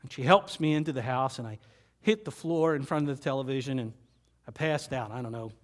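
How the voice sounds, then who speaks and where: A man presenter telling a personal story to an audience, with dramatic pauses and repeated phrases that sink to a quiet voice. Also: medium pitch. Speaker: keynote presenter.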